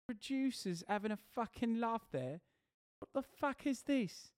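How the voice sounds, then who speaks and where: A man's voice: very high voice, lively intonation, measured pace, dry recording, clean studio sound, pitched above the performer's own voice. A man voicing an outraged British TV producer with a British accent, swearing in disbelief at what he sees.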